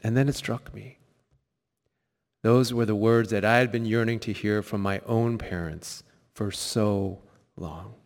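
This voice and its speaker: A man preaching a sermon, telling a personal story, sometimes quiet and reflective, sometimes emphatic. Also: on the low side, steady tone, unhurried, big-room sound. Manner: storytelling, shifts between soft reflective and emphatic. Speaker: pastor. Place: church sanctuary.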